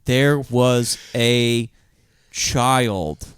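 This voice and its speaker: A man's voice: mid-range voice, very slow, clean tone, no room sound, studio quality. A young adult man co-hosting a podcast, telling rambling, profane stories and laughing often. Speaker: podcast co-host, comedian. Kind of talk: casual chat.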